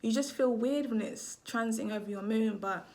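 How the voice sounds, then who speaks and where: A woman's voice: fairly high pitch, normal speed, darkish tone. A woman astrologer talking casually to camera, rambling, swearing freely and often losing her train of thought.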